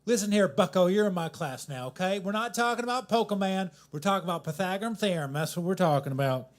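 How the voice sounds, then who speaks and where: A man putting on a bossy Southern US accent to play a gruff middle school math teacher. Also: high voice, expressive, fast talker, pitched above the performer's own voice. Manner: blustery, bossy.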